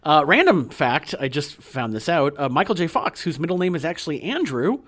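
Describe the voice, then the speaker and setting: A man's voice: a little high, sing-song, normal speed, fairly bright tone. A middle-aged man co-hosting a podcast, reading out film trivia in casual chat with light fillers and easy laughs. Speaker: podcast co-host.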